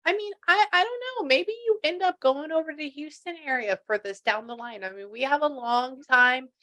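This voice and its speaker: A woman in her sixties gives a spiritual reading in a chatty, rambling way. She quotes back and forth with quick asides. Her voice sits fairly high. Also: pushed and bright. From Texas. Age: 60s. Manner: chatty, relays messages with asides and quoted dialogue. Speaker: spiritual medium. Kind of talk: mediumship reading on a call.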